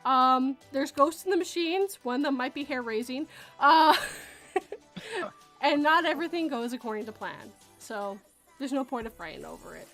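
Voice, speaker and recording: A woman's voice: high-pitched, expressive, normal speed, fairly bright tone, soft background music. A woman from Canada hosting a casual podcast chat, rambling and correcting herself as she goes, often laughing. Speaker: podcast host.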